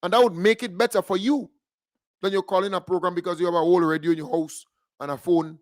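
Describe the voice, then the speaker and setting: Fiery high-voiced Grenadian man ranting. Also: fairly even intonation, fast talker, no echo, clean studio sound. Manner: fiery, mocking and combative rant. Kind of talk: political radio commentary.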